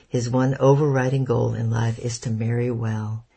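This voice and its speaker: A man's voice: medium pitch, little pitch movement, normal speed, creaky, mellow, slightly rough. A man reading the lines of an earnest young man, who explains things in a hesitant, cautious way. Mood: uneasy.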